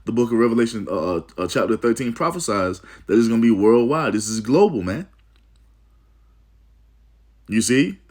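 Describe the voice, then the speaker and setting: A man's voice: mid-range voice, a little mellow. Emphatic man preaching on prophecy. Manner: emphatic, repeats "man" and "you see". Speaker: religious teacher. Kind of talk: prophecy sermon reading from an article.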